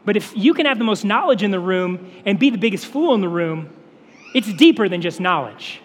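Casting note: young male pastor, high voice, emphatic sermon delivery, big echoing sanctuary sound. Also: lively intonation, fairly quick, husky. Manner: earnest, emphatic preaching with repetition. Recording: long hall reverb.

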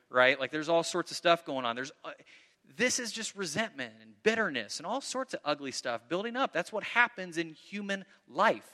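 A man preaching a sermon, with a bright, fairly high voice that rings through a large hall with a long reverb. He talks in an animated way, acts out the voices of the people in his story and often repeats his words. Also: fairly quick. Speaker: pastor.

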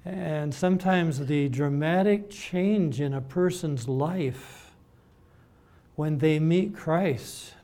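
Male preacher, unhurried, emphatic sermon delivery, a touch high-pitched. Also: warm tone. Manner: deliberate, emphatic, with repeated words and mimicked voices.

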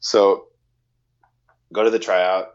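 Deep-voiced American man telling a story. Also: takes it slowly, lo-fi sound. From United States. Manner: lively storyteller, acts out quotes, casual slang. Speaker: guest, handball athlete. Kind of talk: casual storytelling interview.

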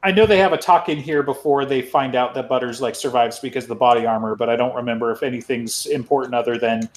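Man, casual book discussion, rambling, lots of fillers, mid pitch. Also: fast. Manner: rambling, many fillers and "right?".

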